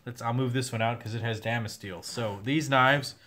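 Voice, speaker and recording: A man's voice: medium pitch, fairly even intonation, moderate pace, sharp tone, slight background noise. A young man hosts a casual livestream Q&A, reading questions from chat and answering them candidly with the odd swear. His voice sounds tired and worn from long talking. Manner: candid, swears now and then, reads chat questions aloud. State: losing his voice. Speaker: host answering viewer questions.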